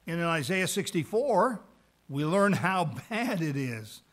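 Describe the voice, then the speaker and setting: A man teaching a Bible lesson on evangelism, reading verses aloud slowly and then explaining them in plain words, often repeating words for emphasis. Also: a little high, very animated, a bit bright.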